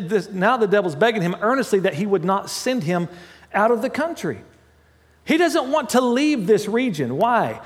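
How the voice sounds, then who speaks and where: A male pastor with a fairly high voice delivers a relaxed, conversational sermon, stopping to correct himself and add asides. His pitch rises and falls a lot. The voice carries a long reverb, as if recorded in a large hall.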